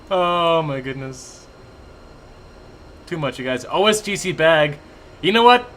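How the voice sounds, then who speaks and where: A young man casting a strategy game live from his home attic, excitable, laughing often and chatting with his viewers. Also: high-pitched, moderate pace, slight background noise. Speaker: esports caster. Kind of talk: live game commentary with chat banter.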